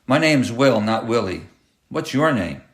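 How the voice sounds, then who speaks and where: A man's voice: mid-range voice, animated, unhurried. A man voicing a frightened but defiant seventh-grade boy who stammers as he stands up for his little sister. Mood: scared. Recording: roomy echoey room.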